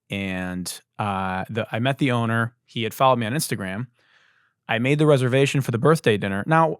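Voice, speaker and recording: A man's voice: medium pitch, dry recording, clean studio sound. A man hosting a podcast, telling stories in a loose, joking, profane style. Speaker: podcast host. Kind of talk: casual comedic monologue.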